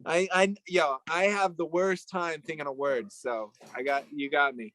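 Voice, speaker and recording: A man's voice: a little high, steady tone, normal speed, fairly bright tone, rough recording. A man chatting casually in a rambling, joking way, often searching for words. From Italian heritage. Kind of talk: casual chat.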